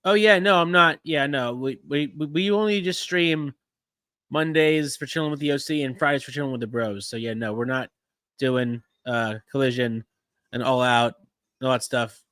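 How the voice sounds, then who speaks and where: A man hosts a casual live-stream chat, talking through whatever is on screen. He rambles and restarts his sentences, chuckling now and then, in a voice of ordinary pitch. His sound is dry and close, with no room around it. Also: moderate pace, a bit bright, clear, resonant tone, no echo. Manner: rambling, restarts and "yeah, no" fillers, easy chuckles. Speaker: podcast host.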